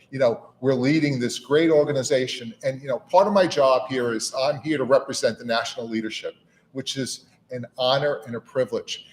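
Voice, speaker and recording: A middle-aged man giving a conversational speech to a room of volunteers. He talks in a folksy, easygoing manner, often repeating words and saying "you know". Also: medium pitch. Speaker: national auxiliary leader giving a speech. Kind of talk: informal speech to a gathering. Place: meeting room with an audience.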